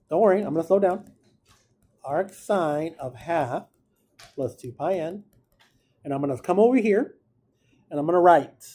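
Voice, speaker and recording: Male teacher, relaxed classroom lecture, talks students through steps, slightly high voice. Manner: casual, encouraging, talks through steps aloud. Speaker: math teacher.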